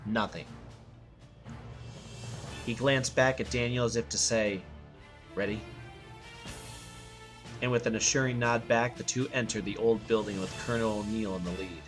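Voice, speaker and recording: A man narrating an action story in a steady reading voice. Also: on the low side, normal speed, soft background music.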